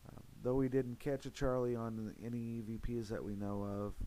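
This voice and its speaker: A man narrating a paranormal investigation in an earnest, steady voice-over, with frequent fillers. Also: mid-range voice, normal speed, a little hiss or hum, poor audio.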